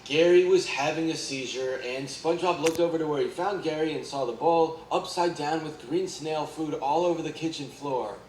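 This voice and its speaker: A man with a somewhat high voice reads a creepy story aloud, steady and flat. He is far from the mic in an echoey room with noise underneath. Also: normal speed, few pauses.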